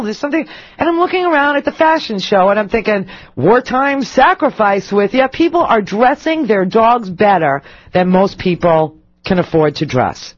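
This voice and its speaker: A woman's voice: medium pitch, no echo, highs cut off. A middle-aged woman hosting a radio talk show, rambling casually with lots of fillers and self-mocking asides. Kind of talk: casual on-air monologue.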